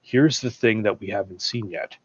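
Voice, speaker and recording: A man's voice: fairly low pitch, moderate pace, breathy edge. A man talking as a guest in a casual film chat, enthusiastic and digressive, eager to share trivia and props he has built. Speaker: podcast guest and prop builder. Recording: dull lo-fi sound.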